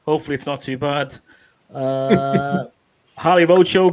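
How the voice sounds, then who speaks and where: A man's voice: mid-range voice, moderate pace, darkish tone. A man with a Liverpool accent hosting a motorcycle livestream, chatting casually and calling everyone mate. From England. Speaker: livestream host. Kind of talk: casual chat.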